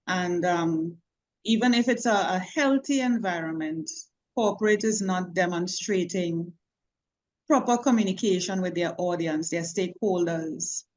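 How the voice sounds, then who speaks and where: A woman's voice: on the low side, measured pace, a little hiss or hum. Affectionate woman on a dull call line. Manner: warm, affectionate, laughs easily. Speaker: communication consultant and speaker. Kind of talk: casual video call chat. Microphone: video call.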